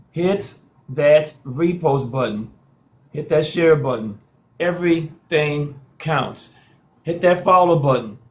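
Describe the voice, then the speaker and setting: A man hosting a live social stream, hyping viewers with repeated calls to follow and share and playful trash talk. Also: on the high side.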